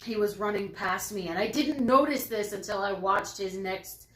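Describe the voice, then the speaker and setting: A woman's voice: normal speed, fairly bright tone, roomy sound. A woman co-hosting a live stream from home, chatting casually and telling bubbly stories. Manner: bubbly, storytelling, voices herself and others with big pitch jumps.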